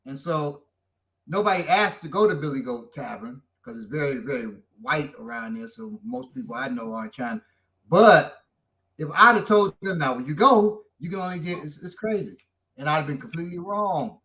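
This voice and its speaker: Animated Chicago man, bright voice. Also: normal speed. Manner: animated storyteller, lively swings in pitch and loudness. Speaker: podcast host. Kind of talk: casual chat.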